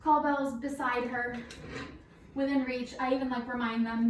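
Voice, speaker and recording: A high-voiced woman, a night nurse, talks a little out of breath through a face mask, teaching a nursing simulation in a chatty, informal way full of fillers. She sounds distant from the mic, in a roomy space with some echo and a faint hiss behind her. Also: level tone, moderate pace.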